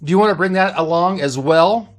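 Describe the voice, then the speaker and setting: A man's voice: sits high, brisk, voice pushed up, lightly acted. A man doing a matter-of-fact ship nurse. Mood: businesslike. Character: efficient female ship nurse.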